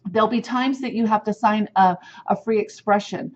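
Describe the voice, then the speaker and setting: A woman instructor talks students through what she grades, at an ordinary middle pitch. Her delivery is direct and firm, spelling things out plainly. The recording sounds a little dull and lo-fi. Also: normal speed, darkish tone. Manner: direct, firm teacherly explaining. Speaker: sign language instructor. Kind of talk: recorded lecture on grading criteria.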